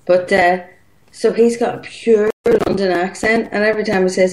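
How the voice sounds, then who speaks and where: A woman's voice: medium pitch, fairly even intonation, normal speed, darkish tone, poor audio. A woman with a Northern Irish accent calling in to a show, blunt, joking and swearing casually. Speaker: caller. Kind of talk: casual call-in chat.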